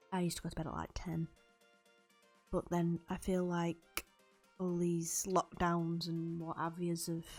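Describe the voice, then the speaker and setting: A woman's voice: lowish voice, darkish tone. A young woman chatting loosely over a game build, rambling and laughing often. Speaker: YouTube Sims builder. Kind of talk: recorded voiceover over gameplay.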